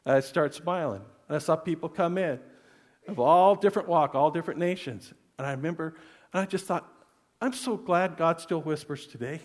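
A man preaching from the pulpit, his voice sitting a little higher than most men's. He tells his story earnestly and often sinks into soft, hushed tones. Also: normal speed. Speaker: pastor. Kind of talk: sermon.

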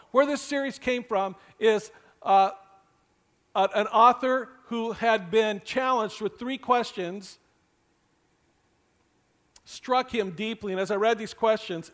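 A man's voice: high-pitched, a bit bright. A middle-aged man preaching a sermon as pastor, earnest and conversational with joking asides.

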